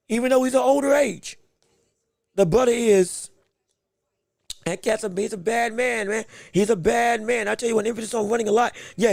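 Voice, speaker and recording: A man's voice: extremely high pitch, vocal fry, a little mellow, dry recording. A man hosting a podcast, giving emphatic live fight commentary with repeated phrases and joking banter with the chat. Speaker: podcast host.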